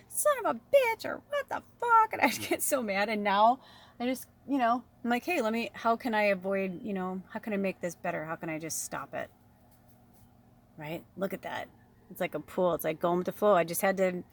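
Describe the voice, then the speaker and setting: A woman giving a casual spiritual card reading, rambling and chatty, reading card passages aloud and talking straight to her viewers. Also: on the low side. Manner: chatty, rambling, addresses viewers as "you guys"; reads card passages aloud, then riffs on them. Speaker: tarot and oracle card reader.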